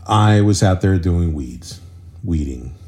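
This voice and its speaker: Deep, mellow married man telling yard stories. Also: expressive, slow pace. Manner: rambling storyteller, jumps pitch for quoted voices. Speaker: podcast co-host. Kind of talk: casual chat.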